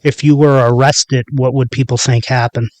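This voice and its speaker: A man's voice: mid-range voice, flat delivery, moderate pace, darkish tone, no echo. A man from the Philadelphia area hosting a podcast, asking casual questions and giving short agreeing replies. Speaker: podcast host.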